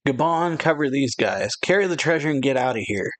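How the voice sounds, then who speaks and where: A man reading out the lines of a rough, impatient pirate captain who barks orders. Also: medium pitch, expressive, a little fast, pitched above the performer's own voice, lightly acted.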